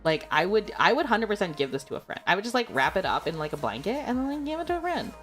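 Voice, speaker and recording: Woman, streamer, casual chat, lively swooping pitch, giggly, light background music. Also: fast. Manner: chatty and giggly, full of filler words.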